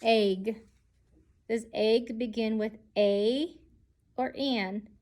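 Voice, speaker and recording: A woman's voice: on the high side, fairly even intonation, drawn-out words, a little mellow. A woman teaching a children's lesson, speaking patiently and sounding out each letter.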